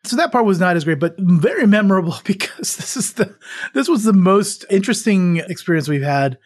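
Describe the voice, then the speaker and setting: Male podcast co-host, casual storyteller, higher-pitched, dry close recording. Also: lively intonation, a little fast, dry recording. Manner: chatty, laughs often, many restarts. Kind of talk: casual travel chat.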